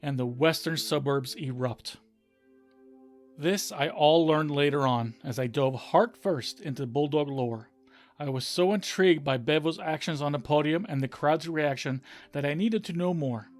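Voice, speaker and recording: A man's voice: on the high side, moderate pace. A man hosting a podcast, telling a story in an earnest, scripted narration. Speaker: podcast host. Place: home in Florida. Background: soft background music.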